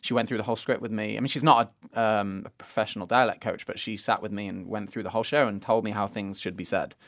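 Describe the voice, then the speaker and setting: A man's voice: lowish voice, fairly even intonation, fast, a bit bright. A man with a northern English accent, a stage actor and pianist talking casually about his work in an interview. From north of England.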